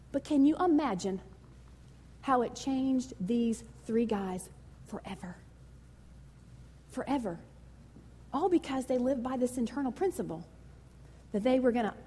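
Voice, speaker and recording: A woman pastor preaching a sermon in a lively, conversational and emotional way. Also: high voice, slightly rough, big-room sound.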